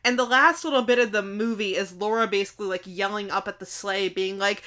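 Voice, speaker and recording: A woman co-hosting a podcast, recapping a film in a wry, deadpan way and acting out its lines. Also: mid-range voice, a little fast, few pauses. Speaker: podcast co-host. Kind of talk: casual chat, recapping a film.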